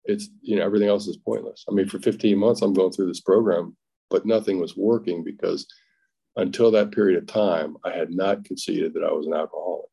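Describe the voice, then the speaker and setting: A middle-aged man giving plainspoken personal testimony at a recovery meeting, with halting restarts and acted-out quotes. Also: low voice, fairly even intonation, creaky, dark tone, slightly rough. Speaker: recovery speaker sharing his story.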